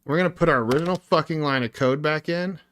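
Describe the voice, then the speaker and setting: Male indie dev streamer, sharp bright tone, profane and fed up, walks viewers through code. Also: on the high side, quick pace, a little hiss or hum. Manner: frustrated, swears constantly, talks to viewers. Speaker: indie game developer streaming. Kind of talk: live coding stream, thinking aloud.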